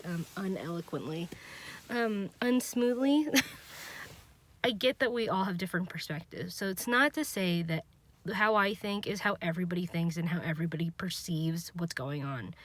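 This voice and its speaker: A young woman venting her frustration in an unscripted personal vlog, halting and restarting, trailing off and laughing at herself. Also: lowish voice, a bit bright, no room sound. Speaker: vlogger.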